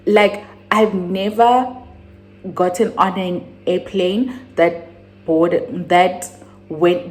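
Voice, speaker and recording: This young woman from South Africa, a YouTuber with a South African accent, recounts a personal story casually. Her telling is rambling and animated, punctuated by abrupt high-pitched exclamations.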